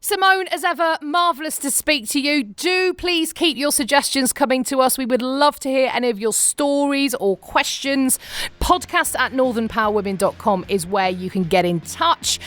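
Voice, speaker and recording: A woman's voice: high-pitched, moderate pace, no echo. A woman co-hosting a podcast in casual chat, telling stories with a laugh. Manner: chatty and laughing, lively storytelling. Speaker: podcast co-host.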